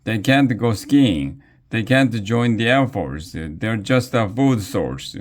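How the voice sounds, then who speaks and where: A man's voice: on the low side, animated, slow, pitched above the performer's own voice. A man voicing a brash male rapper in a mouse costume who raps clumsy rhymes in a children's story. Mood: rapping boastfully. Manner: rhythmic, rapping.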